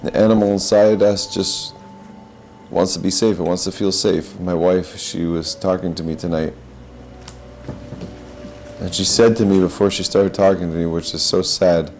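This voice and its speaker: Low-voiced guy talking soul stuff, earnest, keeps restarting lines, faint hiss behind. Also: fairly even intonation, moderate pace, a little mellow, low-quality recording. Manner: earnest, searching, repeats and restarts phrases. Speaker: podcast host. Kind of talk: reflective spiritual talk.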